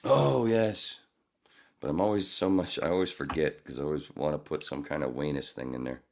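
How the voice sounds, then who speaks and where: Deep gravelly man joking around. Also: normal speed, a little mellow. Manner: joking, swears freely, rambling. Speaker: podcast host. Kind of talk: casual podcast chat.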